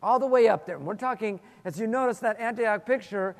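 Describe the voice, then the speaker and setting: A man with a high voice leads a Bible teaching with prayer and stories. He speaks earnestly and often repeats a word while he gathers his thoughts. His voice rings with a long reverb, as in a large hall or church. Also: a little fast. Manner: earnest, storytelling, repeats words while thinking.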